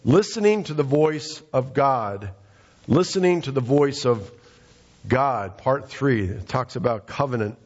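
A man's voice: medium pitch, animated, unhurried. A male pastor preaching a sermon in a conversational, storytelling way. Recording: dull, echoey hall recording.

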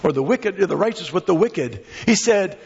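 Male preacher, passionate sermon delivery, slightly high pitch, dull lo-fi recording. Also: expressive, moderate pace, vocal fry, a little mellow. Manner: impassioned, acts out quoted voices.

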